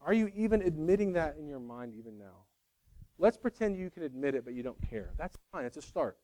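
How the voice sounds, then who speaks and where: A man preaching a sermon in an earnest way, moving between raised, emphatic lines and hushed, quiet ones. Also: fairly high pitch, sing-song, brisk. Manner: earnest, swings from loud to hushed. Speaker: pastor.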